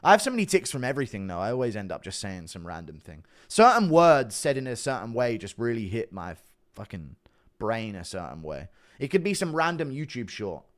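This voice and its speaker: A young man with a lowish voice talks fast and casually on a livestream, reacting to his chat. His pitch swings widely, and he's offhand, swears, and hops from topic to topic.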